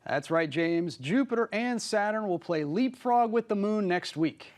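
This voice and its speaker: A man's voice: high voice, expressive, measured pace. A man co-hosting a scripted astronomy program as an astronomer, reading in a friendly, informative way. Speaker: co-host, astronomer.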